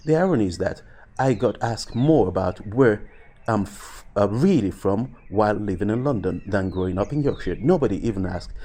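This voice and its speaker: A man talking through his thoughts in a casual commentary video, pausing often with fillers and restarts. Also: on the low side, animated, mellow. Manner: reflective, with frequent fillers and restarts. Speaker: vlogger.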